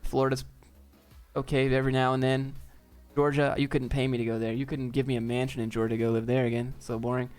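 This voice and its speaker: Male streamer, mid pitch, smooth voice, casual and wisecracking. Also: flat delivery, fast, a little mellow, soft background music. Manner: laid-back, joking, off-the-cuff. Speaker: streamer answering viewer chat. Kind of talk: casual live chat Q&A.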